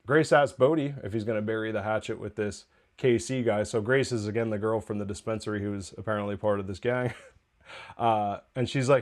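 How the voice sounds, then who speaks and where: This TV review podcast host has a fairly low voice, fairly even intonation, and talks fairly quickly. His episode recap is loose and chatty, full of self-corrections and frequent laughter.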